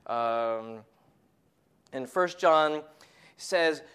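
A preacher giving a sermon who tells a family story and drops to a hushed whisper on key points. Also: mid-range voice, extremely slow, smooth.

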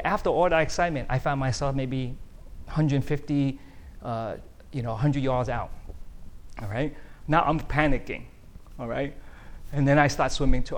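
A middle-aged man, preaching a conversational sermon that keeps checking in with the audience. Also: medium pitch. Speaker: pastor.

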